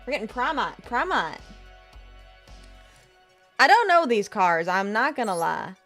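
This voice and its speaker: A woman's voice: on the high side, a little slow, soft background music, full character voice. A woman streamer putting on a folksy American Southern accent while greeting her chat. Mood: playful. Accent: put-on American Southern. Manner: lively, drawling, greets viewers with howdy. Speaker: game streamer. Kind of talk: casual live-stream chat.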